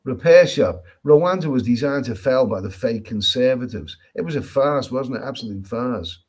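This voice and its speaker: A man's voice: medium pitch, animated, normal speed, darkish tone, breathy edge. A man from England hosting a casual travel live stream, reading viewer comments aloud and answering them in a chatty, repetitive way with many restarts and emphatic opinions. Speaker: travel vlogger host. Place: island in Thailand.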